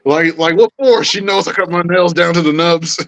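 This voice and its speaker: A man's voice: on the high side, moderate pace, a bit bright. A man chiming in on a casual podcast chat with short, laid-back reactions and easy laughter. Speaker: podcast co-host. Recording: dull lo-fi sound.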